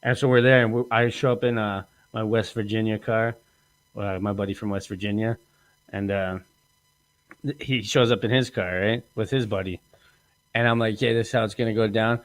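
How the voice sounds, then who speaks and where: Speaking at normal speed in a lowish voice, this man hosts a comedy podcast, boastfully spinning stories. He acts out quotes and laughs a lot, and the recording has no room sound.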